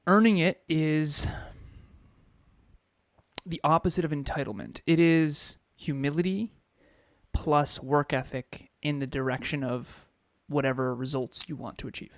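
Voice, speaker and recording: Man, podcast coach, casual talk, measured and deliberate, slightly high voice, dry mic. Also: dry recording. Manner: playful, laughing easily, then measured and deliberate when explaining.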